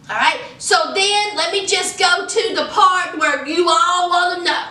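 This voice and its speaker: Sassy high-voiced woman recapping a movie. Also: unhurried, hardly any pauses, bright, forceful tone, roomy sound, distant mic, a little hiss or hum. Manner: sassy, chatty storytelling with frequent asides. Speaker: movie reviewer. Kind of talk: casual movie plot recap.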